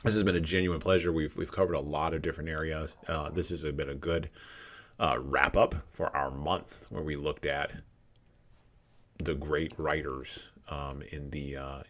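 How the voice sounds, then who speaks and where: A man's voice: extremely low pitch, fairly bright tone. A man hosting a podcast interview, wrapping up with many hesitant ums and uhs. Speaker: podcast host.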